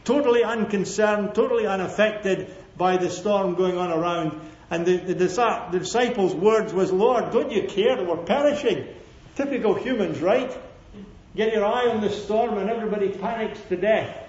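Male preacher, high voice, emphatic repeated lines and calls for amen; roomy lo-fi church recording. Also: moderate pace, darkish tone. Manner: emphatic, repeats key phrases, asks the congregation for amens. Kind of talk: sermon. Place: church hall with a congregation. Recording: echoey, dull lo-fi sermon recording.

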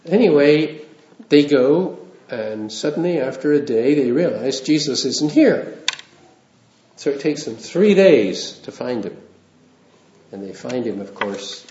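A man's voice: medium pitch, darkish tone. A man preaching a sermon in a conversational way, with wry asides and small chuckles. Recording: roomy, dull lo-fi sound.

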